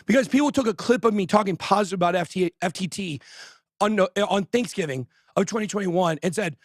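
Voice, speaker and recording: A man hosting a show, shouting angry, fired-up insults in a breathless rant. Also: sits high, brisk, no echo, studio quality. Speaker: host. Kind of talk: ranting livestream talk.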